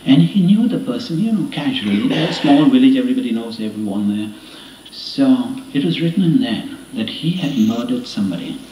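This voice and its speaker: A man's voice: medium pitch, animated, brisk, warm tone, slight background noise. A man telling anecdotes in a conversational way during a talk to an audience, acting out the dialogue he quotes. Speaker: speaker giving a talk. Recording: roomy and distant with faint ambience.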